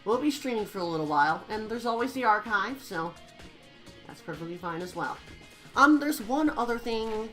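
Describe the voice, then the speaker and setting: A chatty woman streams a game playthrough, giggling as she talks to her viewers. Her voice is raspy from allergies, yet bright and lively in pitch. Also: moderate pace, faint music behind. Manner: chatty, giggly asides to chat.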